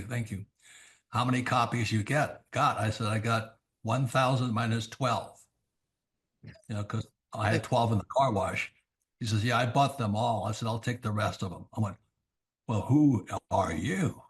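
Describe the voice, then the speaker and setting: An older man, a guest author, telling blunt anecdotes in an interview and acting out quoted dialogue in quick bursts. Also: medium pitch, fairly bright tone. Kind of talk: storytelling in an interview.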